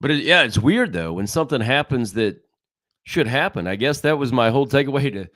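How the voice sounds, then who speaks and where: A man's voice: medium pitch, expressive, fairly quick, a bit bright, dry recording, studio quality. A middle-aged man, a veteran wrestling guest, talking casually in a rambling, self-interrupting, folksy way. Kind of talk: casual podcast chat.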